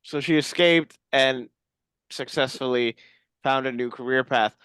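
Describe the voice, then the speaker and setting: A comedy podcast co-host chatting in a deadpan, rambling way full of tangents. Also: medium pitch, a little slow, smooth, no echo. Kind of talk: casual comedic chat.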